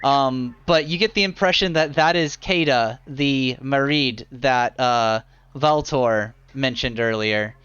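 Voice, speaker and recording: A man runs a live tabletop game as dungeon master, describing the scene in an unhurried, steady way. His voice is smooth and a little high, recorded dry with a slightly dull mic. Fillers dot his descriptions. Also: no echo.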